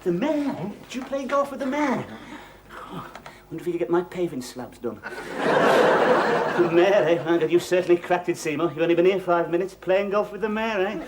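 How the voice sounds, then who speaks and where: An actor playing a nosy, suspicious middle-aged landlord in a studio sitcom, blustering and stammering out sly insinuations. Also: male voice, high voice, normal speed, crowd noise, lightly acted. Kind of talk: 1970s studio sitcom acting. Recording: hissy old TV recording.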